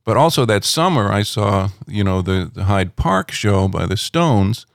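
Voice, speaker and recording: Low, smooth-voiced man telling stories. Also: animated, unhurried, no echo, studio quality. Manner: rambling anecdotal, many fillers. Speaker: rock critic guest. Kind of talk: relaxed interview storytelling. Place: home.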